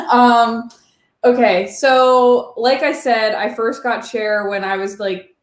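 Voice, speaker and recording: A woman's voice: on the high side, steady tone, slow pace. Chatty woman in an echoey room. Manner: chatty, filler-heavy, laughs easily. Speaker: channel host. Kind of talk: casual chat.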